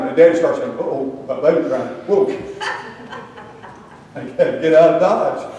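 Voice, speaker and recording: A man's voice: a little high, mellow. An older man giving a folksy sermon, telling a Bible story with humorous asides. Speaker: preacher. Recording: echoey hall, distant mic.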